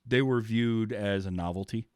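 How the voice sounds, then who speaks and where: A man's voice: on the low side, normal speed, clear, resonant tone, no echo, clean studio sound. A man from the United States hosting a podcast, chatting casually and rambling with many ums. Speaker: podcast host. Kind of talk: casual chat.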